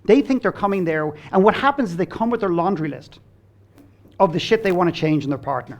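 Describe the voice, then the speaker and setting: A man with a gravelly, creaky edge to his voice, pitched somewhat higher than most men. He talks as a guest coach in an earnest, blunt conversational way. He acts out bits of quoted dialogue and swears without fuss. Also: expressive, fast. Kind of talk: conversational storytelling.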